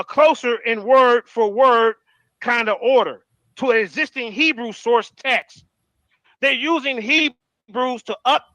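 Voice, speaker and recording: A man with a very high, bright voice argues in an online debate, combative and quick. He often slips into reading from his notes, and his audio sounds dry and close. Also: dry recording, poor audio. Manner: rapid, combative, reads from notes.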